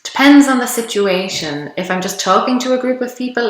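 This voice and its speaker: A woman in her thirties from Ireland, with a Kildare country accent mixed with Dublin, doing a chatty vlog at home. She laughs often and fills pauses with lots of ums. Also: mid-range voice, lively intonation, echoey room, low-quality recording. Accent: Irish, Kildare country mixed with Dublin. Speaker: vlogger. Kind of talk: casual accent-tag video.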